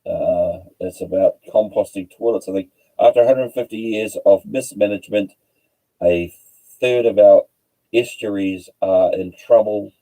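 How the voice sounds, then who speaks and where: Slow, dark-voiced rambling New man. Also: on the low side, low-quality recording. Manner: rambling, halting, stumbles over words and spells them out. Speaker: livestream host. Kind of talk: casual livestream commentary.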